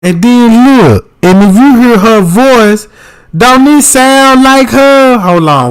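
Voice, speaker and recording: A man, talking loosely into his livestream in a somewhat high voice. He rambles, swears freely and keeps checking that his listeners follow him. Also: slow pace, smooth. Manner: loose, profane, keeps asking "you know what I'm talking about". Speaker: livestream host. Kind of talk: casual livestream commentary.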